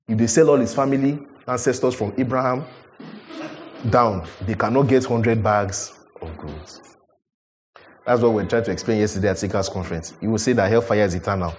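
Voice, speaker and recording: A middle-aged man preaching a sermon, emphatic, swinging from loud rhetorical questions to low, quiet asides. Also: big-room sound.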